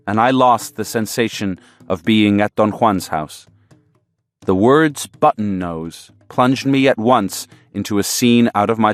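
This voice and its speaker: A man narrating an audiobook in the first person, with a measured, earnest storytelling manner. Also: on the low side, no echo.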